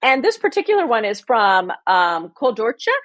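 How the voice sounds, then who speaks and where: A woman's voice: a little high, big pitch swings, moderate pace, a bit bright, no echo, lo-fi sound. A woman co-hosting a podcast in casual chat, effusive and chatty, often restarting her sentences. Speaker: podcast co-host.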